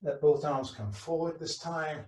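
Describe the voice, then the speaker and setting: Man, fitness instructor, rhythmic cues, calm, distant mic, roomy echo. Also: fairly high pitch, a little slow. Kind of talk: guiding an exercise class, then telling a joke. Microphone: distant from the speaker.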